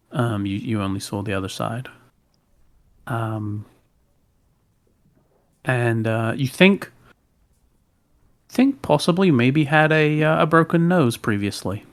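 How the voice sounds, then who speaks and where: A man narrating as game master of a tabletop game, halting and full of fillers. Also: on the low side.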